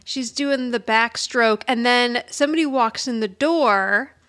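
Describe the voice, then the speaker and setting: Podcast co-host, woman, higher and bright-toned, lively storyteller who acts out quotes. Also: a little slow. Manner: animated retelling, acting out quotes with laughs. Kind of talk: casual chat recapping a TV episode.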